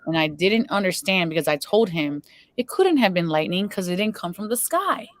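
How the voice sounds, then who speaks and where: A woman's voice: on the low side, expressive, normal speed. A woman hosting an online spiritual talk show, telling a personal story in an earnest, chatty way. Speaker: show host. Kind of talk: spiritual interview chat.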